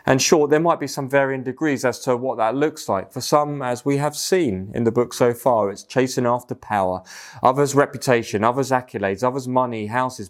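A man preaching a sermon in an earnest, emphatic manner. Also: mid-range voice. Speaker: pastor.

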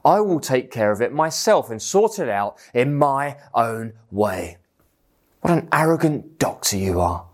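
A man voicing a stubborn male heart patient who speaks with quiet, menacing fury. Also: mid-range voice, natural voice. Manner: menacing, defensive.

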